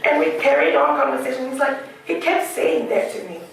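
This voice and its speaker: A widow gives a heartfelt funeral eulogy, laughing through her memories, in an echoey hall with a distant mic. Her voice sits high and creaky with big pitch swings, a slightly fast pace, and a little hiss or hum.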